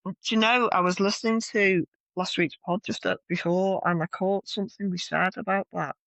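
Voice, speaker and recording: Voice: medium pitch, fairly even intonation, moderate pace, vocal fry, fairly bright tone, dry recording. Wry podcast co-host from North West England. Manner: wry, sarcastic asides. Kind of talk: casual political chat.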